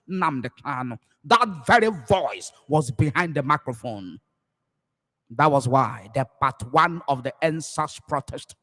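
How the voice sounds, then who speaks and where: A pastor with a Nigerian accent preaches on a live broadcast, impassioned and repetitive, swinging from shouts down to low murmurs. His voice carries a long reverb tail.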